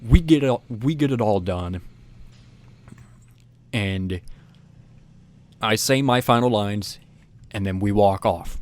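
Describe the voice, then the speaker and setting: A man's voice: lowish voice, slow, long pauses. Rambling man telling a story. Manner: rambling, frequent restarts and "you know"; animated, acts out whispered quotes. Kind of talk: casual spoken storytelling.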